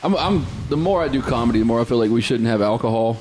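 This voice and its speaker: A man, a comedian, in relaxed casual chat, agreeable and reassuring. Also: mid-range voice, fast talker, a little hiss or hum. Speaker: comedian co-host.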